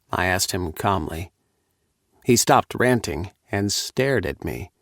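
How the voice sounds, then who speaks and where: A man reading a first-person audiobook in a calm, steady way on a close studio mic. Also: deep voice, slow, no echo. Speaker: audiobook narrator.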